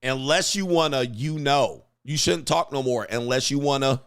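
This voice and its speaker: A man hosting a commentary vlog, talking in a profane, animated way and acting out quotes. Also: mid-range voice, moderate pace, clear, resonant tone. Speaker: host.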